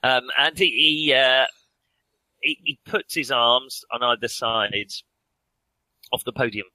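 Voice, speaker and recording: A man narrating a tabletop game as game master, halting with frequent ums and restarts. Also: medium pitch, bright, forceful tone, no echo, rough recording. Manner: hesitant, many ums and restarts.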